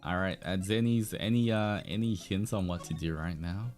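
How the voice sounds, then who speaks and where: A man's voice: sits low, moderate pace, darkish tone, soft background music. A young man streaming a game, thinking aloud in a puzzled, laughing way. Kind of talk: casual game commentary.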